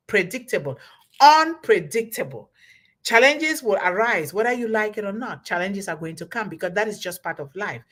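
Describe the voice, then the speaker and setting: A woman's voice: medium pitch, fairly bright tone. A woman hosting a live show, giving an emphatic, repetitive motivational talk in a preacher-like way. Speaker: host.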